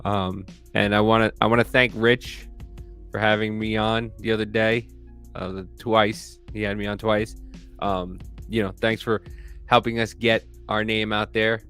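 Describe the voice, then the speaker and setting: A man co-hosting a casual podcast, profane and animated, jumping into a high yell when worked up. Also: measured pace, clear, resonant tone, faint music behind. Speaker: podcast co-host.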